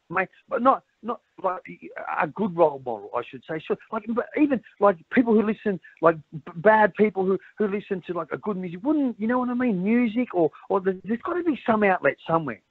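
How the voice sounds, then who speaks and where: A man's voice: high-pitched, big pitch swings, fairly quick, breathy edge, dry recording. A middle-aged man with an Australian accent, talking candidly as an interview guest, rambling and repeating words as he says "mate" over and over. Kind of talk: candid conversation. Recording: dry tinny phone-like sound.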